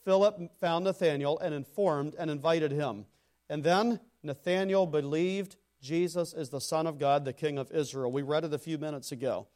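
A man preaching a sermon in a fairly high voice. He climbs into loud, emphatic lines, then sinks into hushed, low-pitched asides. He talks straight to people in the pews, calling some by name. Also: moderate pace. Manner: speaks to congregation members by name. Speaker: pastor.

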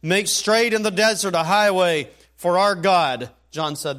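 Higher-voiced man preaching a sermon. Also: a little slow, fairly bright tone. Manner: expository preaching, reads scripture aloud, rises in emphasis.

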